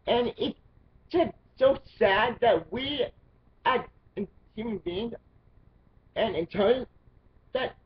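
A high-pitched male voice ranting about gaming, swearing freely and sounding fed up, with sudden loud outbursts. The recording is dull and lo-fi, as if from a cheap home setup. His delivery is exasperated and blunt. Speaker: video creator. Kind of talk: angry gaming rant.

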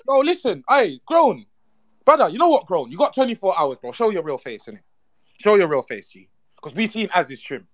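A man's voice: sits high, big pitch swings, normal speed, no echo. A man co-hosting a casual banter show, roasting a guest with mocking insults. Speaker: co-host.

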